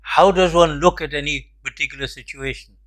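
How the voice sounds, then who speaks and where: A somewhat high-pitched older man tells a story from his past. He speaks in a measured, reflective way and pauses to make his point. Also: steady tone, a bit bright. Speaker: host. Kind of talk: storytelling commentary.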